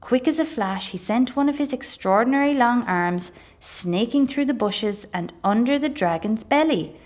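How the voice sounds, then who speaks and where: A woman reading a children's storybook aloud as a library storyteller, expressive and measured. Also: fairly high pitch.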